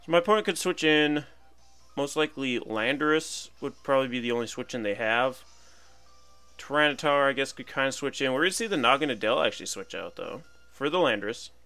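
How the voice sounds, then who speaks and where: Young guy narrating his game match, bright forceful voice, chatty and jokey, faint music behind. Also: medium pitch, lively intonation, fairly quick. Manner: chatty, thinks aloud, playful asides. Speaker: gaming commentator. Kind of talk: casual game commentary.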